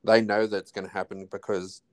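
An Australian man in his forties talks casually as a podcast guest. His voice sits low, and he circles his points with restarts and trailing half-phrases. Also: flat delivery, moderate pace. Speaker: podcast guest, husband of host. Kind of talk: casual chat.

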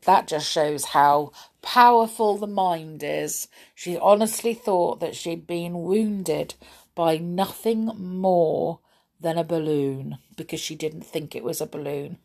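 A woman's voice: fairly low pitch, lively intonation, slow pace, gravelly, a little mellow. A woman reading a children's story aloud expressively, with amused asides.

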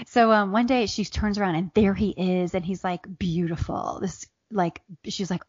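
A woman's voice: mid-range voice, fairly quick, hardly any pauses, a little mellow, no echo, lo-fi sound. A woman from Ohio, an author chatting as a guest in an interview, telling funny stories and laughing often. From Ohio, USA. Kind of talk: casual interview chat.

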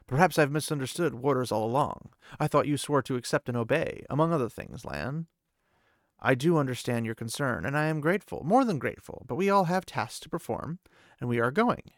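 A man reading aloud the lines of a cool, composed and stubborn young woman, in a calm, level delivery. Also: mid-range voice, fairly quick, dry recording, clean studio sound, close to an everyday voice.

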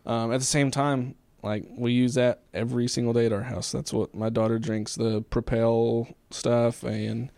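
A man's voice: medium pitch, flat delivery, normal speed, creaky, hardly any pauses, warm tone, dry recording. A man hosting a podcast, talking thoughtfully with lots of hesitations in casual chat. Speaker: podcast host.

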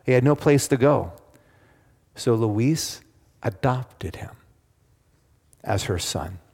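A man preaching a sermon, telling a story dramatically and dropping to a hushed, pleading tone. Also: mid-range voice, lively intonation, slow, vocal fry. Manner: dramatic, swings from loud acted quotes to hushed pleading. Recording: long hall reverb.

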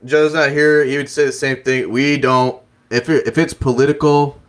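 A man's voice: medium pitch, fairly even intonation, moderate pace. A young man co-hosting a casual sports podcast, cursing often and joking in loose banter. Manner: profane, laughing banter. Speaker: podcast co-host.

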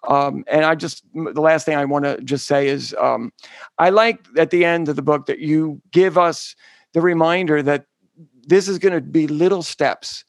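Male podcast host, higher voice with some fry, dry close sound, eager and chatty. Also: fairly even intonation, normal speed, no room sound. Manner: enthusiastic, rambling questions with many restarts. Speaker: podcast host interviewing an author. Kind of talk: conversational interview.

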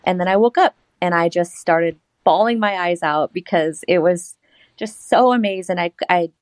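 A woman guest tells a long personal story in an interview, her voice on the low side for a woman. She laughs often and acts out her own past words as she goes. The sound is dry and close. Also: moderate pace, no room sound, low-quality recording.

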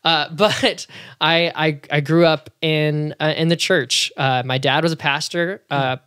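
A man's voice: fairly high pitch, fairly even intonation, measured pace, sharp tone, clean tone, dry recording, studio quality. A man talking casually and at length about his faith, with many fillers and restarts. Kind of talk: casual conversational testimony.

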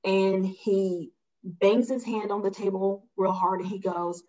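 A woman's voice: medium pitch, fairly even intonation, unhurried, a little mellow. A woman guest telling a personal story in a casual, emphatic way, acting out the dialogue she recalls. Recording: slightly muffled audio.

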